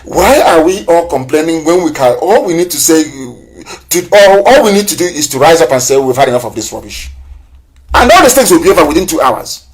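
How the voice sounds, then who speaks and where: A man's voice: on the high side, animated, a little fast, hardly any pauses. A man from Nigeria hosting a live political broadcast, speaking in impassioned, repetitive, scornful oratory. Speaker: broadcast host.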